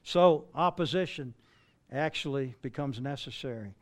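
In a mid-range voice at normal speed, an older man delivers a sermon conversationally. He asks his listeners rhetorical questions, often restarting phrases and stumbling partway through.

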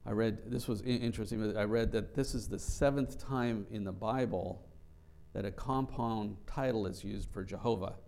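Male preacher, low gravelly voice with a dark, mellow tone, earnest and a little halting. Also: steady tone. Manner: earnest, repeats words, slow deliberate scripture reading. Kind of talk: Bible study sermon.

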